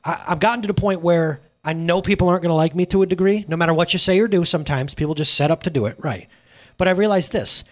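A man in his thirties, a pastor giving a lively sermon, acting out stories in quoted dialogue. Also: a little high, fast talker. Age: 30s. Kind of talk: sermon with storytelling. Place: church sanctuary.

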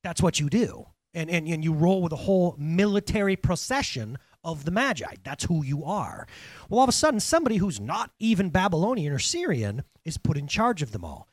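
A man's voice: on the high side, brisk, no room sound. A man preaching a sermon in a casual, conversational way, asking the congregation questions as he goes. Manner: conversational, animated, talks to congregation directly. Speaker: pastor.

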